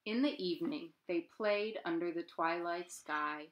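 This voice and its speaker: A woman, a children's librarian at home, reading a picture book aloud to children with expressive storytelling and sound effects. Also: lowish voice, measured pace, lo-fi sound, a little hiss or hum.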